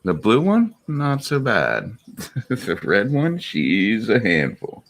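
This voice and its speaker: A man's voice: fairly low pitch, huge pitch swings, slow pace, fairly bright tone, a little hiss or hum. A man streaming casually from home, chatting with viewers, laughing often and slipping into baby talk for his puppies. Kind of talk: casual live stream chat.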